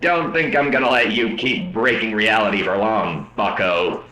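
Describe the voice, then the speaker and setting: A cocky, taunting four-armed archon, as a male narrator puts him on. His voice is bright and forceful. The story is recorded in an echoey room. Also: lowish voice, normal speed. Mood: threatening.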